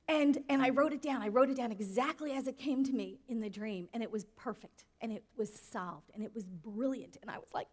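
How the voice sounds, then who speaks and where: Woman pastor chatting through a sermon, asks the room stuff, slightly high voice, big hall echo. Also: moderate pace, darkish tone. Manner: conversational, asks the audience questions. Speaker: minister. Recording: long hall reverb.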